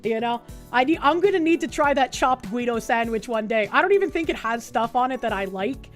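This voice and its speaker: High-voiced profane woman streamer. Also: expressive, a little fast, faint music behind. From United States. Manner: rambling, profane, laughs often. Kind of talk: casual stream chat reading an article.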